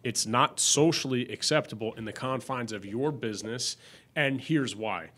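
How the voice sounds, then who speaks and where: A man's voice: mid-range voice, moderate pace, fairly bright tone. A man co-hosting a casual business podcast, explaining points earnestly and chiming in with short agreements. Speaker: podcast co-host.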